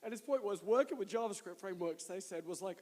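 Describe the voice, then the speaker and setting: A man's voice: high-pitched, fast talker, a little mellow. A man hosting a live conference, introducing speakers while breaking into laughter. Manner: giggly, keeps breaking into laughter. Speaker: conference host. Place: large hall with long reverb. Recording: live conference hall reverb.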